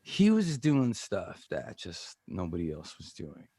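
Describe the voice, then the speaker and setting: Low-voiced Canadian man telling stories. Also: measured pace, husky, no echo. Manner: animated storyteller who acts out quoted voices. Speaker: guest guitarist. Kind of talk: casual chat.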